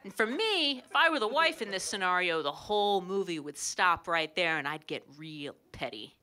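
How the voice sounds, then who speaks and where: A woman doing a wry, animated stand-up comedy set on a club stage, through a handheld stage mic. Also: lowish voice, moderate pace. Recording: live club, audience laughter.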